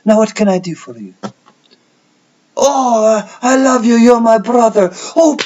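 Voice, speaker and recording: A man voicing a loud, excitable Scottish shopkeeper with a put-on Scottish accent, shouting and gushing in a high voice. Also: measured pace, highs cut off. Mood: boisterous.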